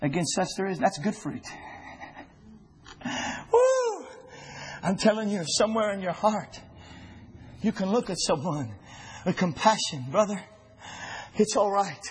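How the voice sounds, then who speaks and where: A man preaching a sermon to his church, fervent, rising to shouts with breathy "uh" pauses. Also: high voice, expressive, low-quality recording. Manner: fervent, builds to shouting with 'uh' pauses and 'woo'.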